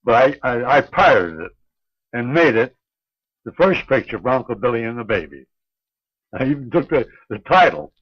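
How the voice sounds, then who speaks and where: An older man being interviewed, telling a long anecdote in a halting, unhurried way with many pauses and restarts. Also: medium pitch, big pitch swings, slightly rough, no room sound. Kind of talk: reminiscing anecdote. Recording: dull lo-fi 1950s archive recording.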